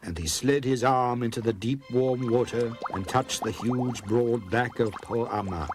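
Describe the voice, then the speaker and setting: A man narrating a children's storybook in a calm, clear way. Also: mid-range voice, unhurried. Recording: soft music under narration.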